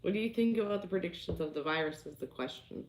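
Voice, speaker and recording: A woman with a fairly low voice co-hosts a casual live chat, reading viewer questions in a plain, matter-of-fact way. The room around her is echoey. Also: quick pace.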